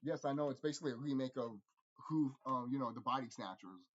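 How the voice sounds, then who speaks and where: A man rambling through a casual movie review, profane and animated, laughing often. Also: medium pitch, fast talker, husky, dull audio.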